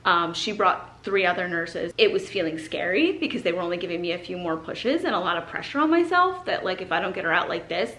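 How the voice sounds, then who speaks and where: A woman's voice: on the low side, slight background noise. A young woman vlogger casually telling a story to camera, acting out what others said and using "like" a lot. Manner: animated, acts out quoted voices, frequent "like". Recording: roomy echo.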